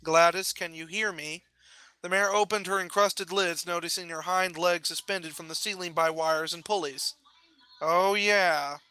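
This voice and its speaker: A man narrating a fan fiction story with an expressive reading. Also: high-pitched, no echo, rough recording.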